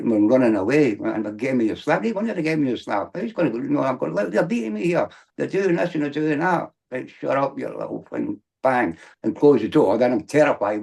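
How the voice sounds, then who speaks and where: A middle-aged man with a gravelly, fry-heavy voice. He tells his story as a guest in loose, rambling sentences, restarting often and then rising into emphatic bursts. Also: medium pitch, darkish tone. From Britain. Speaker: podcast guest. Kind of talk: candid storytelling.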